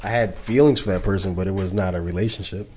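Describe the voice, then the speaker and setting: A man's voice: low voice, fast, dark tone, a little hiss or hum. A man co-hosting a casual talk show, blunt and teasing with the others. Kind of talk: casual chat.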